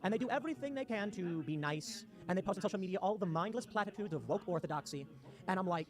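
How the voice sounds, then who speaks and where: With music in the background, a man livestreams from his West Virginia home as a political commentator, his high voice animated and racing. He's sarcastic and combative, reading posts aloud and launching into rants.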